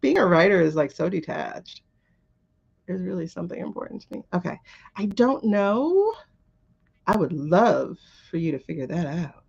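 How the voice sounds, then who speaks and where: A woman's voice: on the low side, sing-song, normal speed, creaky, darkish tone, slightly rough, highs cut off. A middle-aged woman hosting a tarot livestream, talking in a rambling, chatty way and answering viewer comments. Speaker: tarot reader and livestream host. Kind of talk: casual livestream chat.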